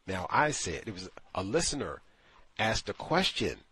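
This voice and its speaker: A man's voice: fairly low pitch, sing-song, normal speed, pushed and bright, husky, no room sound. A man hosting a call-in talk show, speaking in an emphatic, incredulous monologue. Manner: emphatic, incredulous, acts out quotes. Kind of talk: opinionated radio monologue.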